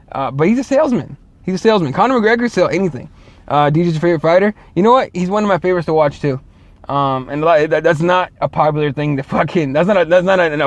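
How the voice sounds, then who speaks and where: A man's voice: fairly high pitch, no echo. A man hosting a casual solo show, rambling and swearing, full of fillers and restarts. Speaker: show host.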